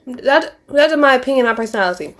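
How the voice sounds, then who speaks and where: Chatty 20s woman ranting about reality tv, slangy and blunt, lots of restarts, voice a bit on the high side. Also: expressive, fast, a bit bright. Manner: candid and slangy, drops into mocking impressions; rambling with frequent restarts. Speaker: reality-show commentator. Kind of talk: casual reality-show commentary.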